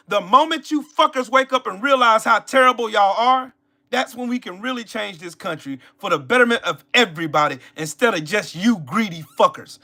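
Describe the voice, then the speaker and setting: A man hosting a live stream, loudly taunting his viewers, mocking them in put-on voices and repeating himself. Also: high-pitched. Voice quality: loud, confrontational, mocking. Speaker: livestream host. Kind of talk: live-stream political rant.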